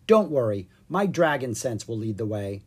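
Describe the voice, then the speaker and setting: A reader voicing a bold, cheerful young girl dragon in a children's storybook, speaking in a bright, excited way. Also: medium pitch, normal speed, slightly rough. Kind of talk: storybook character voice.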